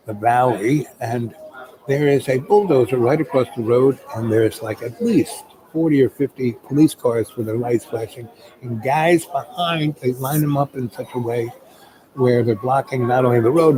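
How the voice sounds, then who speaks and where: A man's voice: medium pitch, poor audio. Rambling middle-aged man telling a story. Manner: rambling, full of "um" and "you know". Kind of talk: casual spoken anecdote. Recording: crowd chatter in the background.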